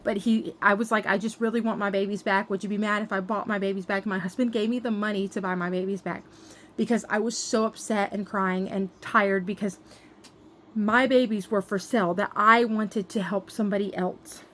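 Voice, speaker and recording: A woman's voice: medium pitch, fairly even intonation, brisk, fairly bright tone, slight background noise. A young adult woman telling an upset storytime to her vlog viewers, venting with many fillers and restarts. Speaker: doll collector vlogger.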